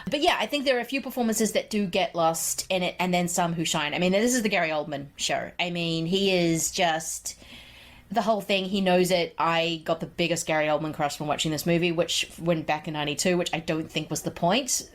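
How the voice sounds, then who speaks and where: A woman's voice: fairly low pitch, fairly quick. A woman in her forties hosting a podcast, chatting casually and enthusiastically about films with frequent laughs. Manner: enthusiastic, opinionated, laughs often. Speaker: podcast host. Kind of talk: casual film chat.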